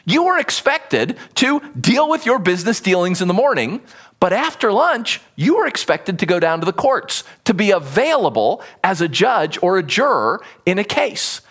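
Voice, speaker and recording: A preacher teaching through a Bible passage in a casual, storytelling way. The pitch swings widely as the speaker acts out little scenes and rhetorical questions. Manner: conversational, animated, acts out quotes. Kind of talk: sermon.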